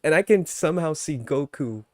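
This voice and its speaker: A male streamer in casual chat, laid-back and rambling with many fillers, quick to laugh. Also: a little high, animated, no room sound, clean studio sound.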